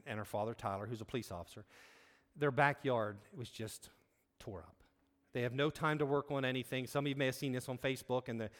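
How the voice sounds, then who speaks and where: A man's voice: mid-range voice, a bit bright. A man giving a sermon in an earnest, conversational way, telling a personal story with frequent restarts. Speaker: preacher. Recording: long reverb of a large hall.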